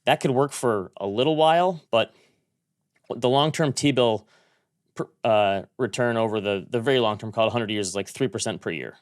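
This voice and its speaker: A man co-hosting a finance podcast, explaining things briskly in casual chat and repeating words. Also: medium pitch, clean tone. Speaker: podcast co-host.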